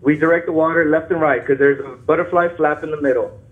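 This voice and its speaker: A nervous, shaky man calling into a show, talking haltingly, apologizing and restarting his sentences. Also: fairly high pitch, fairly even intonation. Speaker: caller. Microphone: phone. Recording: tinny phone line.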